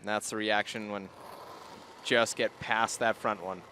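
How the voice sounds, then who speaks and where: A man commentating on a curling match in a calm, explanatory way. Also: lowish voice, a little slow, a little hiss or hum. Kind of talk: play-by-play commentary.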